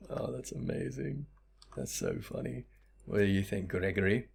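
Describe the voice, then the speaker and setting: A man's voice: on the low side, measured pace, gravelly, pauses often, slightly rough. A young man chatting casually as he streams a game, tired, swearing freely and laughing at what he sees. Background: game music.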